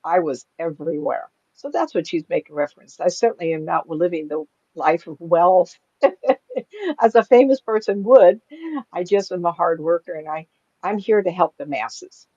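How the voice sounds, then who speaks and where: An older woman in casual conversation, her voice set fairly low and recorded dry with dull, lo-fi sound. She rambles through her stories, breaks into laughter, and puts on other people's voices as she quotes them. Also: moderate pace, warm tone, dry recording. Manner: chatty, laughs often, acts out quoted voices. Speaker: psychic medium guest. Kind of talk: casual storytelling. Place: home.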